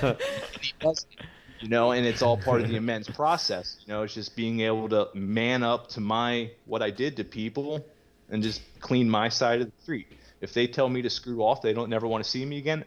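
A man's voice: mid-range voice, fairly even intonation, normal speed. A young man in recovery telling his story in a candid, rambling way, full of "you know" and casual swearing. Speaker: guest in recovery. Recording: muffled lo-fi audio.

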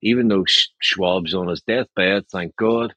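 A man's voice: low voice, unhurried, sharp tone, no echo. A man on a casual panel discussion, speaking hesitantly with many ums and a wry tone. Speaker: panel guest. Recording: dull lo-fi call audio.

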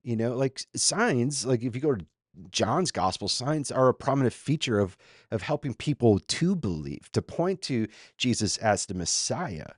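A male pastor from Minnesota giving a loose, conversational sermon. He talks in a chatty way, full of fillers and quick restarts, at a middle pitch. The sound is dry and close. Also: big pitch swings, no room sound. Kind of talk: casual sermon commentary.

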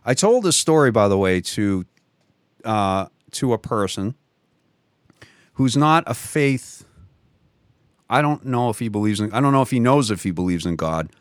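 A man's voice: lowish voice, expressive, normal speed, pauses often, no room sound, clean studio sound. A man telling a personal story in a casual conversation, rambling, often restarting his sentences and chuckling as he goes. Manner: rambling, many restarts and self-corrections. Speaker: guest.

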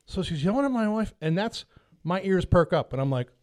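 A man in his thirties tells a story on a podcast with a voice a touch higher than most men's. He talks casually and animatedly and acts out the people in his story. The sound is dry and close. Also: very animated, fairly quick, a little mellow, no room sound. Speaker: podcast host.

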